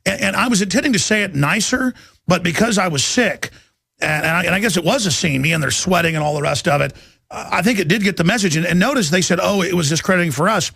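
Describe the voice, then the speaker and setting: A man's voice: high voice, expressive, fast, gravelly, pushed and bright, husky, dry recording. A man hosting a talk show, ranting emphatically and repeating words as he builds his point. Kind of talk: heated talk radio chat.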